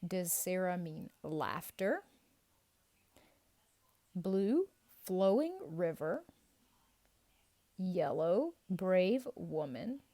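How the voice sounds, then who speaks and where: A woman who teaches in children's ministry leads a quiz review for kids, her voice low and mellow, her pace slow and encouraging. She's playful and animated, drawing out each answer reveal.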